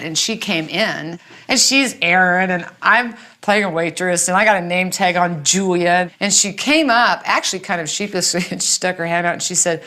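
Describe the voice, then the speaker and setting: A woman in an interview, telling memories with animated laughter. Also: on the low side. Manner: animated, laughs while recalling. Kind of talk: reminiscing interview.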